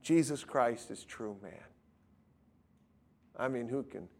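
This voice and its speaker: A male preacher delivering a sermon, telling stories in an animated, emphatic way. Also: mid-range voice, takes it slowly, creaky. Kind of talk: sermon with storytelling.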